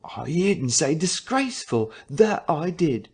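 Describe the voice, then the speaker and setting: A man's voice: a little high, sing-song, a little slow, darkish tone, breathy edge, pitched above the performer's own voice, full character voice. Man doing a blunt innkeeper. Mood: puzzled. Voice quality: blunt, terse, dialect speech. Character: slow, plain-spoken rural innkeeper, middle-aged man.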